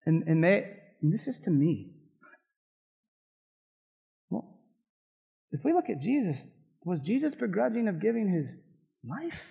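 A high-voiced man preaches a sermon with fired-up, conversational energy and quick asides to his listeners. The recording sounds a little dull and muffled. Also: very animated, vocal fry, breathy edge. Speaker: pastor.

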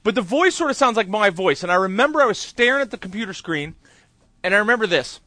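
A man's voice: high voice, big pitch swings, fast talker, pushed and bright, no echo. A man preaching a conversational sermon, telling a candid, self-deprecating story with chatty asides. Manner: chatty with many fillers and asides. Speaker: pastor.

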